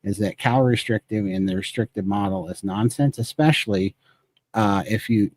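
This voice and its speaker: A man's voice: on the low side, moderate pace, darkish tone, no echo. A man speaking casually on a remote call, giving earnest, rambling advice from his own story. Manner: earnest, rambling personal testimony. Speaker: guest speaker.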